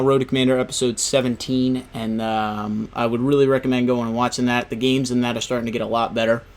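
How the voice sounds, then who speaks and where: Rambling young man telling a story. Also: medium pitch. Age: young adult. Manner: rambling, full of "you know" and "right?". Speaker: gaming video host. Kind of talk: casual storytelling commentary.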